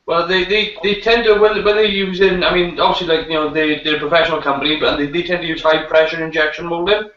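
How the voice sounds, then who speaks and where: Bright stammering man in an echoey room. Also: on the high side, flat delivery, quick pace, few pauses. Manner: stammering, repeats words when starting sentences. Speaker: hobbyist scale modeler on a video hangout. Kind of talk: casual chat. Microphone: video call. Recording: roomy, distant, lo-fi video call audio.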